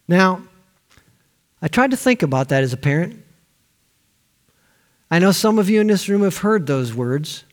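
A male pastor preaching a sermon, telling a story with lively acted-out voices for the people in it. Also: high voice, normal speed, pauses often. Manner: animated storytelling, acting out quoted voices.

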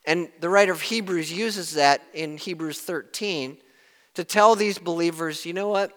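A man preaching a sermon in an earnest way, rising to loud emphasis and dropping to hushed tones when quoting. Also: a little high, normal speed, in a large hall. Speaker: pastor.

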